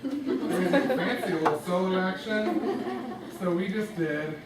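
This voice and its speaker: This music teacher's voice is high-pitched and animated yet slow as he patiently quizzes students by name during class instruction. The audio comes from far off in an echoey room with background noise.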